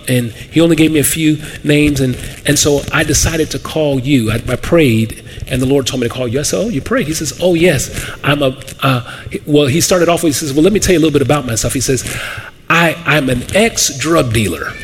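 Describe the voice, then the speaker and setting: A man pastor preaching in a lively storytelling sermon, acting out the voices of the people he quotes. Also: on the high side, a little hiss or hum. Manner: animated, acts out quoted voices, laughs often.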